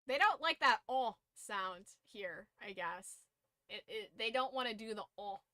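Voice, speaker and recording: Woman streamer, blunt casual chatter with a hoarse throat; pitched a bit high, bright tone. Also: lively intonation, a little slow, dry recording. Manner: blunt, swears freely, laughs often.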